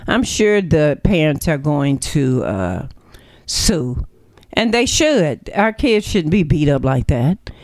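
A woman's voice: lowish voice, a little mellow, dry recording. A woman hosting a talk radio show, giving opinionated commentary in an emphatic, preachy way full of rhetorical questions.

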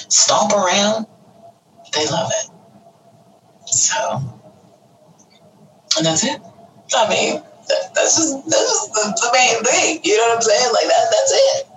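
A woman's voice: medium pitch, recorded from a distance, noisy background. A woman talking earnestly and with feeling about parenting teenagers, acting out little quoted voices as she goes. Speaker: parent sharing advice. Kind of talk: casual heartfelt talk.

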